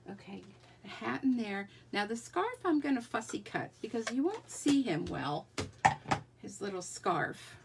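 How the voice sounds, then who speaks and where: A woman's voice: fairly high pitch, very animated, a little slow, gravelly, a little hiss or hum. A woman chatting her way through a live card-making demonstration, talking to herself as she works. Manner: chatty, talks to herself while working.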